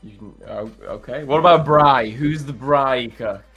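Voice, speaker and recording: A man's voice: medium pitch, a little slow, music in the background. A man co-hosting a livestream, trading teasing banter and laughing often. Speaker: livestream co-host. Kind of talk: casual chat.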